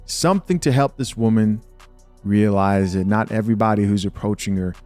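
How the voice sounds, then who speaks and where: A man's voice: lowish voice, moderate pace, darkish tone, faint music behind. Incredulous man hosting reaction commentary. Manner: incredulous, slangy and blunt. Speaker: host.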